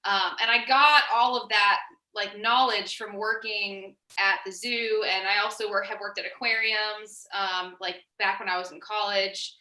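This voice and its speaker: A woman's voice: mid-range voice, fairly even intonation, a little slow, bright, forceful tone, echoey room, poor audio. A woman who trains animals, chatting in a cheerful, easygoing way. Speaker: bird trainer guest. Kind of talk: casual chat.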